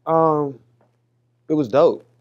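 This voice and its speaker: A man's voice: fairly high pitch, takes it slowly, darkish tone, dull audio. A young man as an interview guest, talking loosely and candidly with lots of slang and swearing. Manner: loose, slangy, profane talk.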